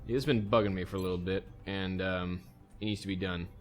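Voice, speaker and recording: A man's voice: low voice, steady tone, fast talker, soft background music. A man hosting a let's play, casually thinking aloud as he plays a strategy game. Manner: easygoing, thinks aloud while playing. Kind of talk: casual gameplay commentary.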